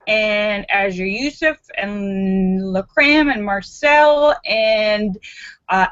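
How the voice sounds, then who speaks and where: Slow-talking bright-voiced woman streamer. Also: a little high, dull audio. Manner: chatty, greets viewers by name. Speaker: live stream host. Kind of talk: live stream chat, reading viewers' jokes.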